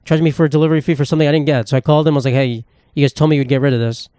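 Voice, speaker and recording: A man's voice: on the high side, fairly even intonation, racing, warm tone, no room sound, studio quality. A young man, hosting a solo comedy podcast in a profane, sarcastic, rambling rant. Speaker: podcast host.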